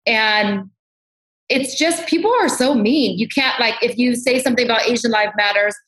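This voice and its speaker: Her voice sits on the high side with a fairly bright tone and normal speed. She's a makeup artist guesting on a casual interview, speaking with candor and animation and cursing freely, all in a room with noticeable echo.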